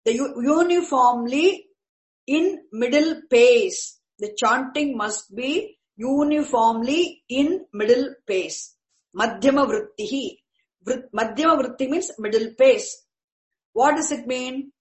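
A woman's voice: high-pitched, slow, rough recording. A woman teaching a lecture on Vedic chanting, patiently repeating and rephrasing terms as she explains them.

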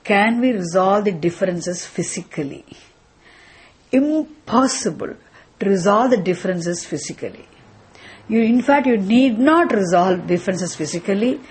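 A woman's voice: mid-range voice, darkish tone, breathy edge. A woman teaching a scripture class, asking questions and answering them herself, repeating the key phrases. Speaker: Vedanta teacher.

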